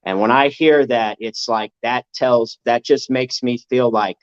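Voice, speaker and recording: A man's voice: medium pitch, fairly even intonation, a little slow, clean tone. A man in casual podcast chat, talking earnestly and motivationally, repeating his points. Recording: dull lo-fi audio.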